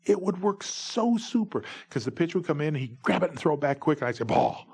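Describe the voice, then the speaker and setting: A man in his forties, a former baseball umpire, telling humorous stories in a lively, jokey way. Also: fairly high pitch, a little fast, breathy edge. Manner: lively, jokey, breaks into shouted umpire calls. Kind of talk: humorous anecdotal storytelling.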